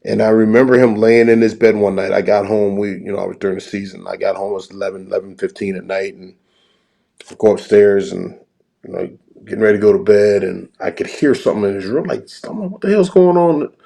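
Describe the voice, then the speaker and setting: Middle-aged coach guest, low gravelly voice, earnest storyteller who circles back on his words. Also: fairly even intonation, quick pace, dark tone. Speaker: football coach, podcast guest. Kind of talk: earnest podcast conversation.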